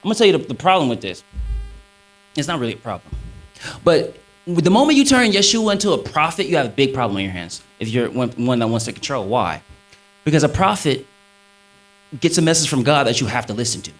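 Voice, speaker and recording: Lively preaching man on stage. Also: quick pace, long pauses, soft background music, rough recording. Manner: lively, swinging pitch, preacherly emphasis. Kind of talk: stage talk on scripture. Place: stage before a live audience.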